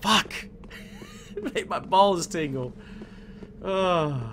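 A young man streaming a game live, swearing a lot, yelling in panic and talking to his viewers as bros. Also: sits high, very slow, vocal fry, slight background noise. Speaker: gameplay streamer. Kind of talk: live gameplay commentary.

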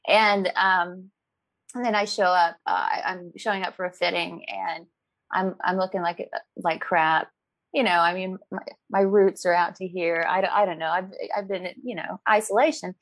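Brief: woman guest, chatty and animated, quick laughs, dry close sound. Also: mid-range voice, dry recording. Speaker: actress guest. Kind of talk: casual interview chat.

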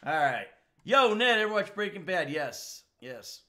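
A man's voice: sits high, very animated, measured pace, bright, forceful tone. A middle-aged man streaming a video game, chatting and swearing with exasperation as he plays. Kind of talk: live gameplay commentary.

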